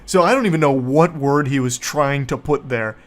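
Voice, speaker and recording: A man hosting commentary who reads out text messages and mocks them with sarcastic, profane, deadpan humor. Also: mid-range voice, normal speed. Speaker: host.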